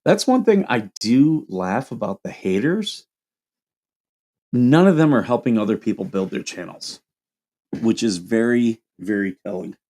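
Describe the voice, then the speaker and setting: His tone is dark and his voice lowish, expressive and unhurried. A casual livestream host from Toledo, Ohio with a Midwestern accent, he rambles chattily and reacts to comments from chat.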